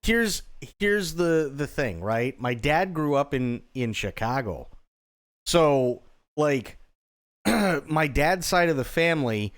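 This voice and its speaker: A man's voice: medium pitch, sing-song, unhurried. A man livestreaming a game, chatting casually and rambling, with restarts and casual swearing.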